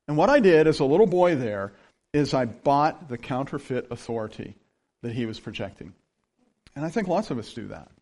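Animated, lively male pastor preaching. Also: medium pitch. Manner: storytelling, animated, laughs often. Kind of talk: sermon.

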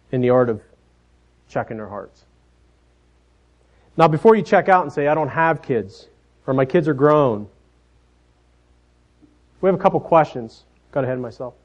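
A man in his thirties delivers a sermon in a folksy, storytelling manner. His voice sits at a middling pitch and tends to trail off softly as he finishes his phrases. The recording sounds dull and lo-fi. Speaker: preacher.

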